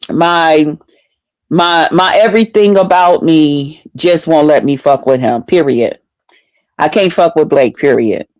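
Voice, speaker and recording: A woman's voice: mid-range voice, dry recording. A woman, telling her viewers a story in a casual, emotional way, swearing freely. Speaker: vlogger.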